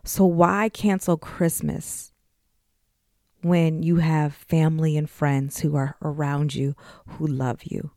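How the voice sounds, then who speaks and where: Speaking slowly in a low, warm voice with a flat delivery, a woman in her forties addresses her podcast listeners directly. Her talk is candid, personal, and emotional, captured in clean studio sound with no echo.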